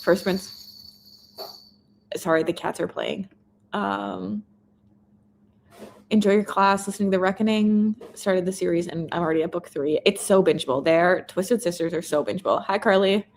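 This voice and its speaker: Young canadian gal reading chat comments on a book stream, bubbly and chatty. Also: female voice, on the low side, normal speed, slight background noise. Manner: bubbly, chatty, reads viewer comments aloud. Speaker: booktuber reading chat host.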